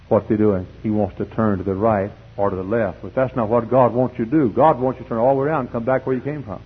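A man preaching a fiery sermon in church, swinging from hushed pleading to shouting. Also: on the low side, steady tone, fast talker, few pauses, husky. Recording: dull lo-fi tape recording.

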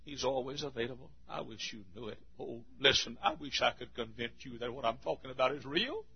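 A pastor preaching a sermon, swinging from loud shouted passages to quiet, intimate talk. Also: male voice, mid-range voice, lively intonation, a little fast, vocal fry, lo-fi sound.

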